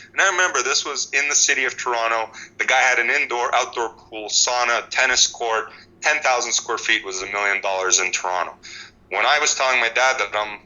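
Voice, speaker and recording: A man in his forties, speaking as a housing expert guest in an interview, telling stories with animated restarts. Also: fairly low pitch, brisk, low-quality recording. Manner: animated storytelling with frequent restarts. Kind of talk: conversational interview.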